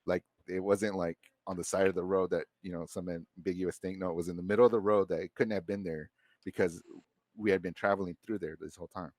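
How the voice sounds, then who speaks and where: Male podcast guest, deep voice, laid-back storyteller who rambles with slang. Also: steady tone, quick pace, darkish tone, no room sound, clean studio sound. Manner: loose and rambling, heavy slang and swearing. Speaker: podcast guest, former Marine. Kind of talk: casual storytelling.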